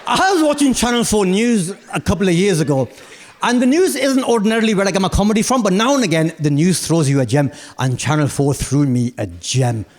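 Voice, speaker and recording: Man telling stand-up stories, pitched a bit high. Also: animated, brisk. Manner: storytelling with punchy asides, rising to shouted rants. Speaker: stand-up comedian. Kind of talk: stand-up comedy. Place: large theatre stage.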